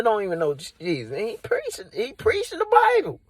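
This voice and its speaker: A man's voice: high voice, wildly swooping pitch, a little fast, few pauses, husky, no echo. A man doing improvised comedy from inside a car, rambling and leaning on "you know" and "like". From Dallas area.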